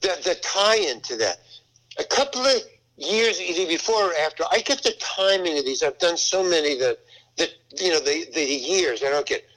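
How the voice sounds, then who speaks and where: A man's voice: on the high side, expressive, moderate pace, fairly bright tone, low-quality recording. An older male actor and comedian telling a long rambling anecdote, acting out the voices of the people in it. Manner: rambling storyteller, acts out voices in quotes, many restarts.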